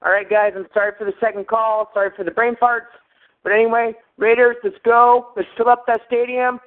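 A man's voice: very high voice, level tone, brisk. A man calling a fan show, worked up and rambling, with many fillers and curses. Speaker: caller. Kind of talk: phone-in fan message. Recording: phone line.

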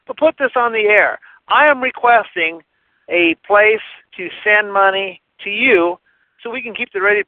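A man's voice: sits high, no echo. A man calling in to a podcast, a loyal fan who swears and sounds disgusted with his team but fond of the show. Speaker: caller. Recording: dry tinny phone line.

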